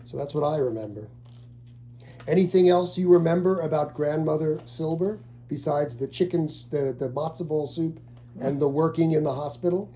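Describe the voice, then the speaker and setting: Rambling middle-aged man, soft-toned. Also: on the high side, normal speed. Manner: rambling, with many restarts and fillers. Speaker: family member asking about a relative. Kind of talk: casual family conversation.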